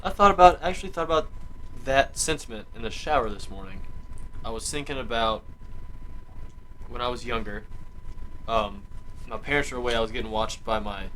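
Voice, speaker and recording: A man's voice: mid-range voice, brisk, long pauses, fairly bright tone, a little hiss or hum, rough recording. A man co-hosting a casual podcast, talking in a laid-back, rambling way. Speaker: podcast co-host. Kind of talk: casual chat.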